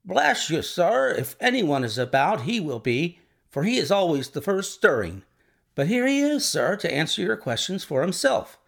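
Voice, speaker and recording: An eager stable groom from an old detective story, pitched up high and quick to please his betters, as a male storyteller puts him on. He talks in a lively, swooping way with some gravel at the bottom of his voice. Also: full character voice. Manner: raised, eager and obliging. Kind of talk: storybook reading.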